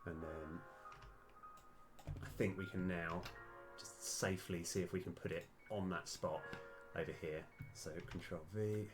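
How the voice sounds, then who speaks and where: A man live-streaming a game, thinking aloud with lots of fillers and sudden bursts of excitement. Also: low voice, a little slow, over music. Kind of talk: live-stream commentary while playing and mapping a game.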